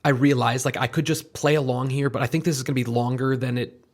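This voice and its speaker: A man hosting a podcast, chatting casually and telling an animated story, acting out the voices of the people in it. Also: mid-range voice, quick pace. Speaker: podcast host. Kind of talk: casual chat.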